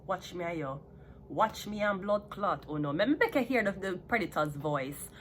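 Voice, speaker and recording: A woman's voice: on the low side, fairly bright tone, slight background noise. A woman with a Jamaican accent ranting heatedly to her viewers, profane and switching between patois and standard English. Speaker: vlogger. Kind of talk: unscripted rant to viewers.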